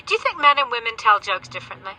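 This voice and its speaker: Woman radio host, brisk, scripted intro then easy chat, bright and sharp. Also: fairly high pitch, sing-song, rough recording. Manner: brisk, scripted delivery in the intro, conversational with the guest. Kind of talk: radio interview.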